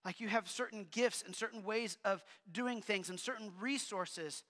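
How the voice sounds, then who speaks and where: Bright-voiced casual male pastor. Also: high-pitched, normal speed. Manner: casual, animated preaching with asides to the congregation. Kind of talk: sermon. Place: church hall. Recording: long hall reverb.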